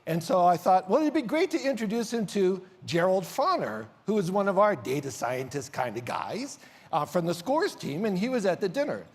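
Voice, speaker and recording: A man emceeing a large conference on stage, telling an animated story with big swings in loudness. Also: high voice, normal speed, breathy edge. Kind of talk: onstage conference speech. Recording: reverberant hall sound.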